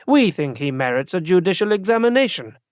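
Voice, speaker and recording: A man voicing a cool, commanding woman investigator in an audiobook, measured and dry. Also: high voice, very animated, no echo, voice pushed up. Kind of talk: audiobook character voice.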